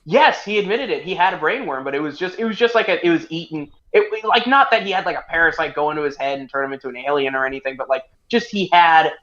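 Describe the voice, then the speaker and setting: A man's voice: a little high, quick pace, few pauses, a bit bright, highs cut off. A man co-hosting a casual livestream chat, joking and laughing often. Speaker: co-host.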